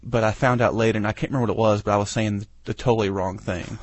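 Southern guy hosting a podcast, lowish voice, rambling funny stories about himself, dry close mic. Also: fairly even intonation, racing, husky, no room sound. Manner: rambling storyteller, self-deprecating. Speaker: podcast host. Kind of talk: casual podcast chat.

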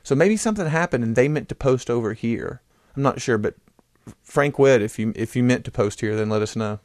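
A man's voice: mid-range voice, a little fast, a little mellow, no echo, studio quality. A man co-hosting a casual podcast, easygoing and joking as he reads out listener messages. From United States. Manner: easygoing, joking, stumbles over place names. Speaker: podcast co-host.

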